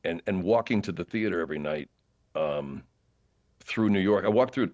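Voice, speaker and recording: A man guesting on a podcast, an actor telling long casual stories in a rambling, animated way, full of fillers and restarts. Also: sits low, normal speed, muffled recording. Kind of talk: casual interview storytelling.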